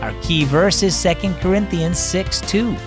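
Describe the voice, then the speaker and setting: A man's voice: sits high, unhurried, music in the background. A man hosting a children's devotional program, reading a script in a friendly, earnest storytelling way. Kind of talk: scripted narration.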